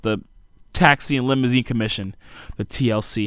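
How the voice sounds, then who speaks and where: A man's voice: mid-range voice, fairly quick, fairly bright tone, smooth, dry recording. A tired young man, hosting a solo podcast and ranting sarcastically in a rambling way. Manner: sarcastic, rambling rant with frequent asides. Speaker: podcast host.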